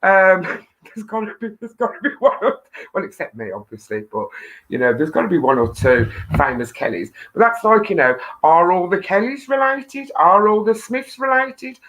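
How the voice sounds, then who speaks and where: A woman's voice: mid-range voice, lively intonation, normal speed, fairly bright tone, low-quality recording. Chatty self-deprecating woman hosting a live stream. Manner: chatty and self-deprecating, laughs often, many "um"s. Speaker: live-stream host reading viewer comments. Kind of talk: casual live-stream chat.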